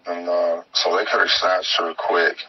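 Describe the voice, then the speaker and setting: Low-voiced man on a dull distant line. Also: flat delivery. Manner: rambling, plainspoken, halting. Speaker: interviewee, missing girl's father. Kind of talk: recorded phone interview. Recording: dull, distant phone-like recording with faint noise.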